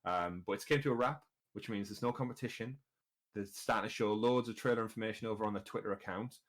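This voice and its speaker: A man's voice: lowish voice, fast talker. British man hosting a gaming podcast. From Britain. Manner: chatty, leads the segments. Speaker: podcast host. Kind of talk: casual podcast chat.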